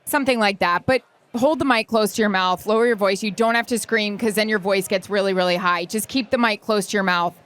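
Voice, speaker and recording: A woman co-hosting a live podcast, giving listener advice in an excitable, energetic way. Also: medium pitch, fairly quick. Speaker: podcast co-host, sideline reporter. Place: live stage event.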